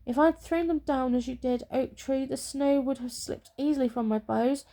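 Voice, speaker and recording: A woman soft-voicing a proud fir tree in whispered role-play. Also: high-pitched, fairly even intonation, moderate pace, gravelly, voice pushed up. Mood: sorrowful. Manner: grumbling, self-pitying. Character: proud boastful fir tree, later humbled.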